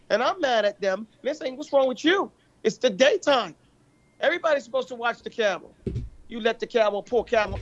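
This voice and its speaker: A man teaching a lesson on a classical text, telling stories and often checking that his listeners follow. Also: sits high. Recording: muffled lo-fi recording.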